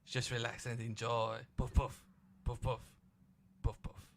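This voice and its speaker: A man voicing a flirty female spa attendant, slow, sultry and sing-song. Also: mid-range voice, completely flat delivery, gravelly, a little hiss or hum.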